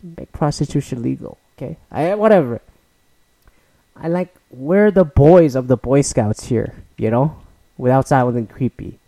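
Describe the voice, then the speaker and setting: A man's voice: mid-range voice, measured pace, creaky, dark tone, no room sound. A man in his thirties, a podcast host, delivering a rambling, profane, exasperated solo rant.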